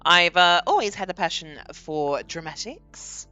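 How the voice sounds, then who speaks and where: A young woman chats her way through a live game stream, laughing often and animated. Her voice sits a little low but swings widely in pitch, with a bright, clean, crisp tone, and she takes her time over her words. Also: unhurried. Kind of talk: casual live-stream chat.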